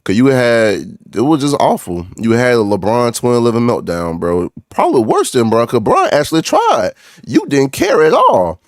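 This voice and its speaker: A man's voice: medium pitch, wildly swooping pitch, moderate pace, hardly any pauses, no echo, studio quality. A young man ranting as a basketball fan, frustrated and repetitive, calling out players by name and saying "bro" often. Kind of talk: ranting sports reaction vlog.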